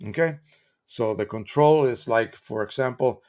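A man's voice: medium pitch, a little slow, darkish tone. An American man hosting a live stream, explaining printing in a chatty, casual way with examples and restarts.

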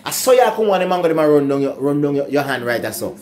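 Lively older Jamaican man telling stories. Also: fairly high pitch, rapid-fire, a crowd in the background. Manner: animated, laughs often, grandfatherly asides to grandsons. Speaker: storyteller. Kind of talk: casual storytelling chat in patois.

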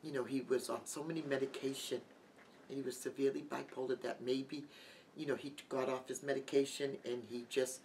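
Middle-aged woman guest, halting heartfelt testimony, mic set back with faint hiss. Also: extremely low pitch, level tone, darkish tone. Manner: halting, heartfelt, with many restarts. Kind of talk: emotional personal testimony. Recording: distant mic with light background noise.

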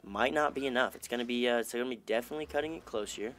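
A man's voice: mid-range voice, very fast. Chatty young man narrating gameplay. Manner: chatty, self-talking, upbeat, bursts of excitement. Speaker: gaming YouTuber. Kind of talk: casual gameplay commentary.

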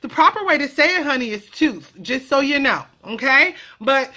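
Woman vlogger, casual comedic explainer; animated and cheeky with a sharp, bright tone. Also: high voice, normal speed. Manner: animated, profane, playful banter.

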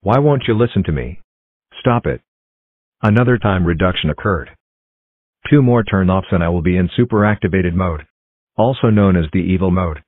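A man voicing a male robot error figure that warns the user in a flat, threatening way and gets more irritated as it goes on. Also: low-pitched, normal speed, long pauses, no room sound. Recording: dry, phone-like tinny sound.

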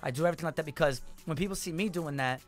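Fast-talking animated man. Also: a little high, faint music behind. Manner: animated, emphatic storytelling with lots of filler. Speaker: comedian and show host. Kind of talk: casual podcast chat.

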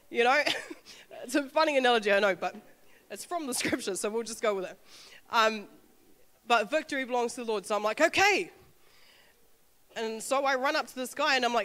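A woman, telling an animated testimony with frequent laughter. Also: a little high, fast, long reverb tail. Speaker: speaker sharing a testimony. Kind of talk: informal sermon talk.

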